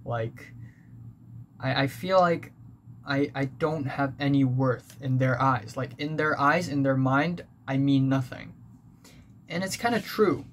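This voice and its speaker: With a slow, mid-range voice, a young male vlogger rambles through a confessional personal story, full of fillers and false starts. The recording carries clear background noise.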